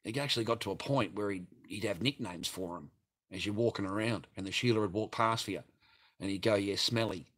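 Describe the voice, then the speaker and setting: An Australian-accented livestream host rambles through a blunt, profanity-laced story for his viewers. His voice is on the low side and fairly bright, and he talks briskly.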